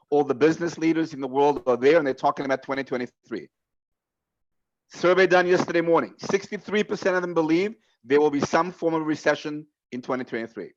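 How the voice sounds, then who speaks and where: A man's voice: a little high, muffled recording. A man giving a motivational sales coaching talk on a team video call, emphatic and direct, laying out numbered points to his reps.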